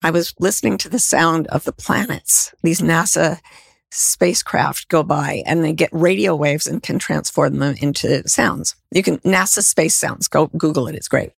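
A middle-aged woman, a guest author and life coach, talking in a soft, soothing way that sinks toward a whisper. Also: deep voice, normal speed, creaky, husky, no room sound, clean studio sound. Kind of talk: heartfelt interview talk.

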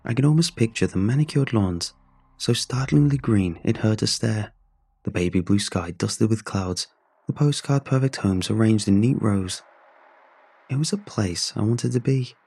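A man narrating a scripted horror story in a measured, brooding way, with drawn-out pauses. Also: on the low side, gravelly, warm tone, husky, no room sound. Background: faint music.

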